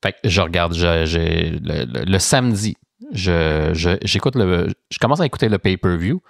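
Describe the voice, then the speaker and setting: Low-voiced Québécois man chatting in a dry room. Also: expressive, normal speed, creaky, no echo. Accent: Québécois French. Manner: rambling, filler-heavy, chatty. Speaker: wrestling podcast host. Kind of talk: casual chat.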